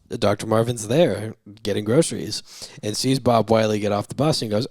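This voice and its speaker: A man co-hosting a movie review podcast, recapping the plot with animated, chatty energy. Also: fairly low pitch, normal speed, dry recording, studio quality. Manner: animated retelling with laughs. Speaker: podcast co-host. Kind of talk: casual movie review chat.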